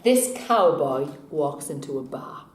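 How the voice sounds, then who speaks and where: A woman's voice: low-pitched, lively intonation, measured pace, a little mellow, roomy sound. A woman hosting a tarot vlog, chatting casually, telling a joke and laughing often, sometimes breaking into song.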